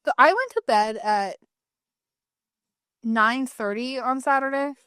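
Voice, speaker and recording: A woman co-hosting a podcast in casual chat, talking quickly and breaking into bits of jingles. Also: sits high, sharp tone, clear, resonant tone, no echo, studio quality. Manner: chatty, bursts into sung jingles. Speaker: podcast co-host.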